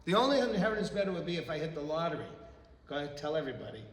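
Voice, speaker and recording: A man's voice: on the high side, lively intonation, rapid-fire. A middle-aged man, a parish priest hosting a casual web show, joking and laughing often. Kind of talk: casual chat. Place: parish house room. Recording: echoey room, mic at a distance.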